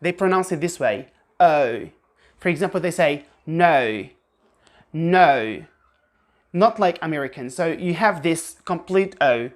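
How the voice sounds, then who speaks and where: A woman teaching English pronunciation in an online lesson, demonstrating sounds by repeating words with exaggerated intonation and often restarting her sentences. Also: on the low side. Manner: restarts often, halting explanations.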